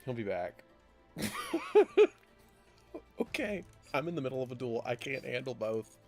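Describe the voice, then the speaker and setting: Guy streaming a card duel, super animated voice, laughs a ton, faint music behind. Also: mid-range voice, measured pace, long pauses. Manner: excitable, laughs a lot, talks to chat. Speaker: streamer playing a card game. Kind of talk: live game commentary.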